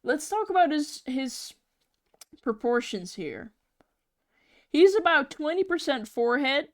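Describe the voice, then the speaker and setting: A woman's voice: high voice, very animated, a little slow, no echo, clean studio sound. A young woman live-streaming as she draws, chatting casually in a giggly, rambling, playfully exasperated way. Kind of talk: casual live-stream chat while drawing.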